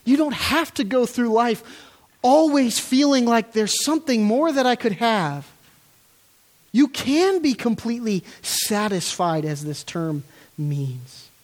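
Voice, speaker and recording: A man's voice: very high-pitched, expressive, slow. Guy preaching a sermon, voice swoops up and down a lot, earnest and emphatic. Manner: earnest, emphatic, with rhetorical questions. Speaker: pastor. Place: church.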